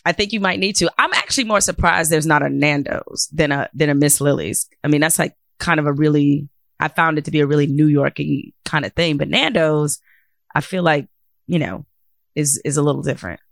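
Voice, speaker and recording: A woman's voice: sits low, fairly quick, creaky, no echo, studio quality. A woman hosting a podcast, chatting with a guest and delivering blunt, emphatic opinions with frequent laughs. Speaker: podcast host. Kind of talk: casual interview chat and opinion monologue.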